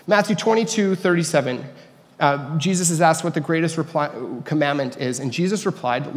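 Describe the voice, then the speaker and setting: A man's voice: on the high side, brisk. A man preaching a casual, conversational sermon as a pastor, with joking asides. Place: church sanctuary. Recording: reverberant church hall.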